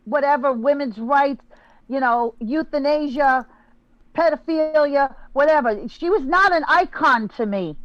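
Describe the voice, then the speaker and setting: High-voiced emphatic woman on muffled phone audio. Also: measured pace, no room sound. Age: middle-aged. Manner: emphatic, exclamatory, stammers and restarts. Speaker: podcast guest. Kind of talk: casual chat.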